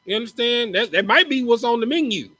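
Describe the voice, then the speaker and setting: A man's voice: extremely high pitch, expressive, fast, sharp tone, dry recording, low-quality recording. A man teaching a class in a casual, slangy, joking way, often repeating words as he starts a line. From Texas. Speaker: teacher in a religious group class. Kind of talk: casual preaching lecture.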